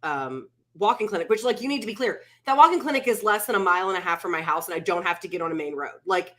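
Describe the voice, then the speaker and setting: A woman's voice: on the low side, lively intonation, quick pace, a bit bright. A middle-aged woman co-hosting a casual chat show, telling a story with animation and acting out what people said. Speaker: podcast co-host.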